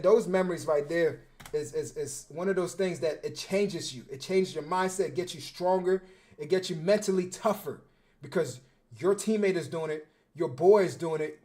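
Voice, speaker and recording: A young man, a football coach and former defensive back, talking casually on a livestream, animated and slangy, often repeating his words. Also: high-pitched, fairly quick. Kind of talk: casual livestream film breakdown.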